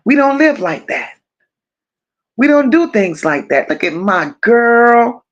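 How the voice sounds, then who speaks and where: A Southern American woman hosts a casual livestream chat, her voice pitched slightly high. She greets her caller with affectionate names. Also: sing-song, slow pace, lo-fi sound. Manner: warm and affectionate with callers, calls them beautiful and boo. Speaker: livestream host.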